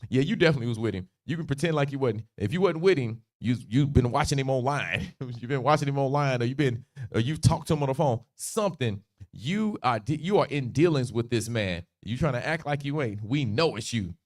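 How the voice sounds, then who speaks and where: Slangy, animated man teaching scripture. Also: mid-range voice, a little fast. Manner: slangy, laughs easily, acts out quotes. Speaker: Bible study teacher. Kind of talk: casual livestreamed Bible teaching.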